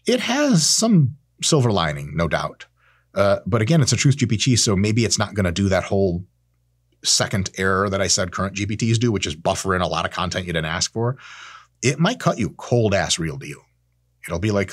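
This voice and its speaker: A man in his thirties hosting a casual monologue, animated and swearing freely, acting out imagined exchanges. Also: lowish voice, normal speed, husky. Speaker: host.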